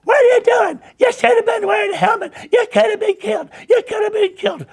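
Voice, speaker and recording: Brief: a shrill, panicky old lady, scolding at the top of her lungs in a piercing falsetto, repeating herself, played by a man. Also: fast talker, creaky, raised voice.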